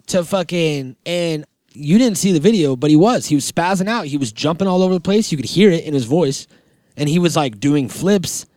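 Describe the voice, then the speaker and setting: A man's voice: a little high, a little mellow, no echo, studio quality. A young man co-hosting a casual chat, rambling and swearing as he retells a clip. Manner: rambling, swearing, laughing storyteller. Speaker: co-host.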